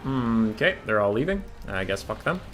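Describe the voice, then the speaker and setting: A man's voice: lowish voice, very animated, normal speed, fairly bright tone, a little hiss or hum. A young man commentating his own strategy game match, sarcastic and profane, sometimes breaking into outbursts at his units. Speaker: gamer streamer. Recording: faint game music behind.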